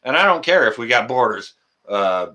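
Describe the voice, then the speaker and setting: A man from Canada hosting a live stream and taking calls, chatting casually with excited outbursts and lots of filler words. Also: mid-range voice, normal speed. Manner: excitable, loud exclamations, many fillers. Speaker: livestream host.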